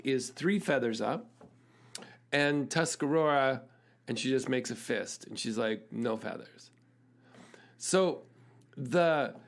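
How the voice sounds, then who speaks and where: A middle-aged man, a musician hosting his own show, telling a story in an earnest, reflective way, often laughing and restarting his sentences. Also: mid-range voice. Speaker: musician and podcast host.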